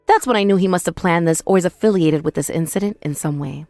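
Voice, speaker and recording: A woman's voice: fairly low pitch, fast, dark tone, no room sound, soft background music. Woman, first-person drama narrator, scolding, confrontational, dry close sound.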